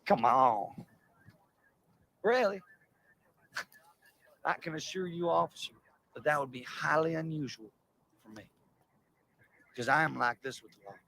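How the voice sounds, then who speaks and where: A cocky Southern man with a loud, drawling swagger fills this film scene. in a high, bouncing voice that leaps all over the place, trying to charm anyone nearby. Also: lively intonation, a little slow, vocal fry, long pauses, full character voice, rough recording. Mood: smooth-talking. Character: brash Southern man flirting and bluffing. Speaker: film character. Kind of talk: film dialogue.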